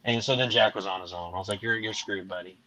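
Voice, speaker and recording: A man hosts a relaxed live stream and chats about his week. He tells his stories with energy and slips into voices when he quotes people. His tone is bright and forward. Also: on the low side, fast, low-quality recording. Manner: animated storyteller, acts out quotes. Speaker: livestream host. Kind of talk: casual chat.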